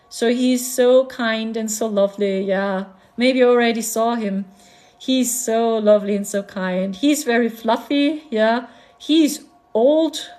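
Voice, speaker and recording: A woman's voice: a little high, darkish tone. Chatty woman, laughing often. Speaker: spiritual vlogger. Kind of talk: casual live-stream chat.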